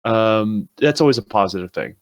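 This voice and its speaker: A man on a casual gaming podcast who talks in a thoughtful, measured way, with frequent hesitant restarts. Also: fairly low pitch, expressive, dry recording.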